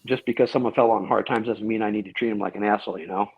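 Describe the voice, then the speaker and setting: A middle-aged man, a guest in a casual interview, telling a long story with lively acted-out quotes and frequent restarts. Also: lowish voice, racing, slightly rough. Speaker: guest, former police officer. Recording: dull, lo-fi sound.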